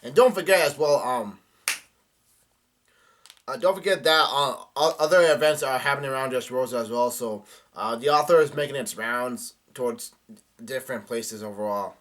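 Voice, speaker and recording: Young man, casual manga reaction, halting delivery, fillers, mid-pitched voice. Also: a bit bright. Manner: casual, halting, reads dialogue aloud with many restarts and fillers. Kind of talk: live chapter reading and reaction.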